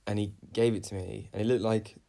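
Gravelly low-voiced man. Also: level tone, fairly quick, dark tone. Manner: rambling storytelling with many "um"s and "I was like". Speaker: podcast co-host. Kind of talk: casual chat, recounting a dream.

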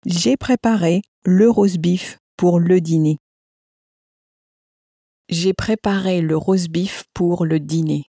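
A woman giving model pronunciations in a language lesson, saying each phrase slowly and clearly, often twice. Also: on the low side, mellow, no room sound, clean studio sound. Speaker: native speaker model voice in a lesson. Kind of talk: slow, careful model pronunciation.

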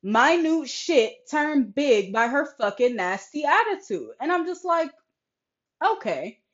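A young woman vents with frank exasperation in a casual vlog, swearing often and animatedly replaying conversations. Her high voice is unhurried and a bit sore-throated, captured on a slightly dull lo-fi recording.

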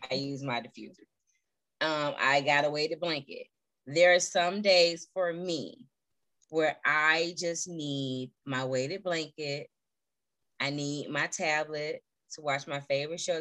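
Low, bright-voiced woman, very dry sound. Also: steady tone, measured pace, dry recording, rough recording. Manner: earnest, heartfelt, with many fillers. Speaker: guest. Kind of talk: personal story in a remote interview. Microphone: video call.

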